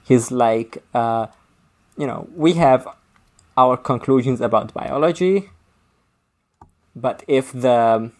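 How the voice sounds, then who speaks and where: A speaker on a casual podcast works through an argument out loud. The delivery is halting, full of restarts and fillers. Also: mid-range voice. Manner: rambling, self-correcting, thinks aloud. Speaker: podcast co-host. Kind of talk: casual book discussion.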